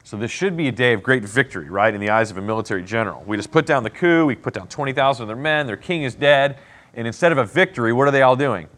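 A man's voice: mid-range voice, animated, fast talker, a bit bright. A man leading a Bible study, explaining the passage in a casual, conversational way and often checking in with "okay?" and "right?". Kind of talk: casual teaching with commentary.

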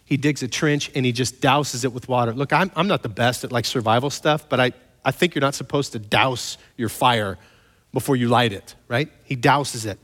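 A man preaching a sermon, retelling scripture as lively storytelling with playful asides and mock voices. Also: medium pitch, moderate pace. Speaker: pastor. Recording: long hall reverb.

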